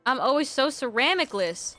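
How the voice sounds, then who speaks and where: Woman, game streamer, casual chat, profane ranting, sudden loud outbursts, slightly high voice. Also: expressive, normal speed, faint music behind. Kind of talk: casual chat while gaming.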